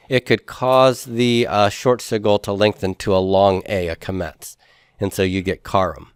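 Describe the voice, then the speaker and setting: A man lectures a grammar class in a low, resonant voice. He walks through each point patiently and quizzes the students as he goes. The sound is dry and close. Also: clean tone, dry recording. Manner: patient, explains step by step, asks the class questions. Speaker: Hebrew instructor.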